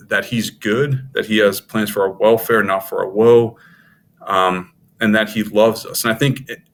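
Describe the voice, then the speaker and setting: A man's voice: lowish voice, fairly bright tone. A middle-aged man sharing an earnest faith testimony as a podcast guest, talking with frequent restarts. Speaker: podcast guest, former Navy SEAL officer.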